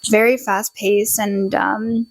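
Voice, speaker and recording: A woman's voice: medium pitch, little pitch movement, slow, dry recording, low-quality recording. A woman in her twenties from Nepal, co-hosting a casual podcast chat, talking in a rambling way with many fillers and laughs. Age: 20s. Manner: chatty, filler-heavy, laughs often. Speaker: podcast co-host.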